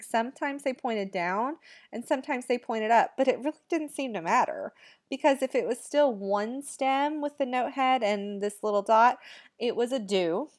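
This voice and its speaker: Lady music teacher doing an online class for kids, bouncy up-and-down voice, chanting beats. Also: on the high side. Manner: chants rhythm syllables, talks straight to kids. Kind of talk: recorded online lesson for children. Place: at home.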